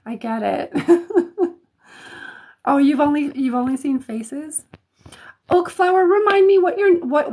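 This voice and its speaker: Woman host from Colorado, casual live-stream chat, high voice, unhurried, giggly and full of ums. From Colorado, United States. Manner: chatty, laughs often, frequent ums and restarts. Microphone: phone or webcam mic, live stream.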